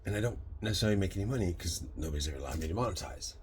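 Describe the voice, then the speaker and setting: A man in his sixties with a deep, low voice and a Michigan accent talks casually while he cooks in a home kitchen. He rambles into spiritual tangents and rushes his words in quick bursts. A faint hiss sits under his voice. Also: animated. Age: 60s. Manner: rambling, drifts into philosophical tangents. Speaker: vlogger. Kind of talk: casual cooking vlog.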